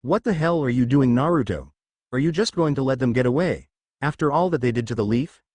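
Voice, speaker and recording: A man's voice: mid-range voice, lively intonation, a little fast, darkish tone, no room sound, lightly acted. A man voicing a hot-headed, angry young male ninja in a fan-made anime story. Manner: infuriated.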